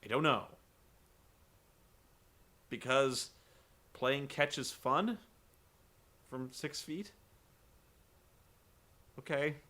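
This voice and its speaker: A man recapping a wrestling show for comedy, rambling and incredulous, swearing and acting out the quotes loudly. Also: on the high side.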